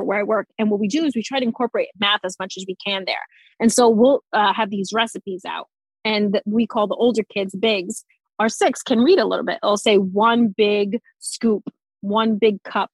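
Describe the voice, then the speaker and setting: Casting: husky-voiced woman with a New Jersey accent, blunt educator, dry close sound. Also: mid-range voice, moderate pace, no echo, low-quality recording. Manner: blunt, swears freely, animated. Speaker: forest school teacher. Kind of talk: casual podcast conversation.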